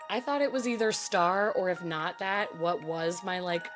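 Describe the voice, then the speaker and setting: Young woman podcast co-host, self-deprecating and chatty, music audible behind. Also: fairly low pitch. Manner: rambling, self-deprecating, quick restarts. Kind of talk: casual chat.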